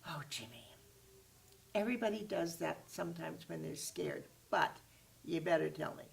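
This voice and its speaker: A woman plays a caring mother in a storybook tale. She speaks softly and partly in a whisper, with a gravelly texture. The voice is heard from some distance off the mic. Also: on the low side, normal speed. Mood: gentle. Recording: voice far from the mic.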